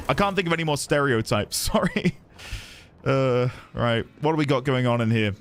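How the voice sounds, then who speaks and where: A British man chatting as he streams a game, reading in-game documents aloud in a lively way. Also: mid-range voice, normal speed, slight background noise. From Britain. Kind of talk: casual game-stream chat.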